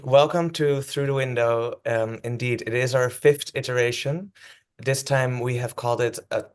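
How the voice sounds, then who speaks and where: A Dutch man opening an online event over a video call. His voice is smooth and resonant at a middle pitch, and he talks in a relaxed, chatty way, pausing on ums as he goes. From Netherlands. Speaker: co-host. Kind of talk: casual online event hosting.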